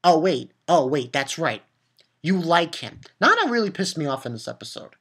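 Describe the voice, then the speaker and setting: An anime reviewer with a fairly high, husky voice rants in exasperation through a casual episode review at a moderate pace. He's animated and profane, rambling with restarts and filler.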